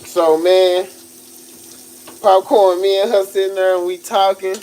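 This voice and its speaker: A man's voice: high-pitched, little pitch movement, unhurried, darkish tone, slight background noise. A young man on a livestream telling a personal story in a casual way, laughing often and acting out the voices he quotes.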